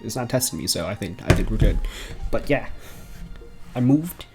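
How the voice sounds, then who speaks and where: A young man rambling excitedly about video games in a casual home vlog, laughing often and swearing casually. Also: fairly low pitch, normal speed, gravelly, over loud music. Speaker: gaming vlogger. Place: bedroom at home.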